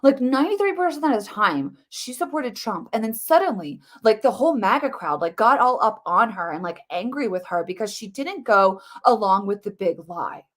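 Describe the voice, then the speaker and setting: A woman talking fast and emphatically in a live-streamed political commentary, repeating herself, with many "like" fillers. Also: mid-range voice, lively intonation, a bit bright.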